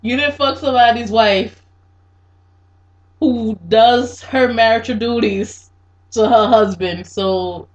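A woman's voice: fairly high pitch, slow, pauses often. A woman co-hosting a casual podcast chat, mocking and laughing as she tells stories. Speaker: podcast co-host. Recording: dull lo-fi sound with faint noise.

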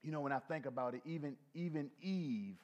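A middle-aged male pastor preaching a folksy sermon, swinging from low soft asides to shouted peaks. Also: fairly quick, highs cut off. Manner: folksy, talks to the congregation.

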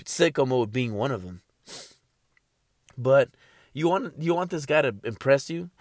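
A young man ranting in a casual monologue, animated and profane, repeating himself and laughing at his own points. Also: mid-range voice, unhurried, no room sound, clean studio sound.

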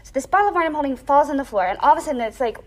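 A young woman in a casual interview, telling a personal story with lively acted-out quotes and lots of "like". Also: high voice, very fast. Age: young adult. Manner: animated storyteller, acts out quoted voices; frequent "like" fillers.

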